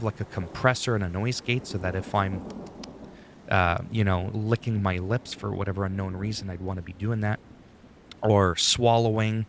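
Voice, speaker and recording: A man's voice: on the low side, slight background noise. Casual, swearing man at a desk mic. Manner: rambling, profane, conversational. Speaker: YouTuber explaining recording settings. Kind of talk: casual screen-recorded tutorial. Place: home desk setup. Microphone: studio dynamic microphone at a desk.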